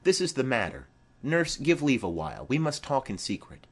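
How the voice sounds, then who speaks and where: A man's voice: mid-range voice, sing-song, husky, voice pushed up. A man reading a play aloud, voicing a formal, commanding noblewoman speaking to her daughter. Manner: formal, measured.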